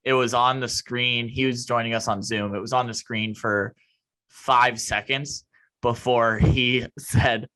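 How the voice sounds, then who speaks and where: Co-host: man, mid-pitched, wry quips with easy laughs. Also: fairly even intonation, a little slow, pushed and bright, low-quality recording. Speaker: podcast co-host. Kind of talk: casual chat.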